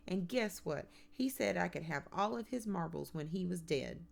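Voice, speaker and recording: A woman's voice: on the low side, animated, normal speed, gravelly, heavily acted. A woman reading an audiobook, voicing an eager, chattering four-year-old boy.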